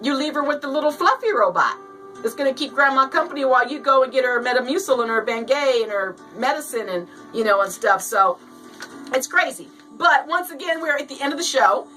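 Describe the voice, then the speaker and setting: Host, female, high and lively, reads jokes with put-on voices, off-mic with faint music. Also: distant mic, rough recording. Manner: animated, laughs often, acts out voices while reading. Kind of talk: casual show talk and joke reading.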